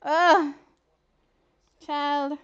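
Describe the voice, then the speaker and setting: A woman chats through a casual livestream, reacting to sprint races in an animated, exclamatory way. Her voice sits high. She keeps turning to her viewers as she talks. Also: drawn-out words, lo-fi sound. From Jamaica. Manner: animated, exclamatory, often says "child". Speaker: livestream host. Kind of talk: casual live-stream sports commentary.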